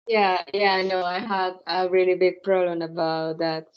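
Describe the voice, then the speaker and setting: A woman whose first language is Spanish, an English student who talks quickly and rambles with fillers. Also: lowish voice, level tone, highs cut off.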